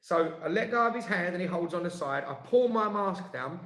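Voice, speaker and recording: A man's voice: high-pitched, lively intonation, brisk, fairly bright tone. A man telling an indignant story in casual chat, with lots of restarts. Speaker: co-host. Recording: echoey room.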